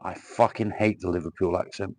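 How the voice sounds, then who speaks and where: A man's voice: low-pitched, steady tone, fairly quick, dark tone, no room sound. Blunt, sweary man chatting on a live stream. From Northwest England. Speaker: livestreamer. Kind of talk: casual live-stream chat while doing cable work.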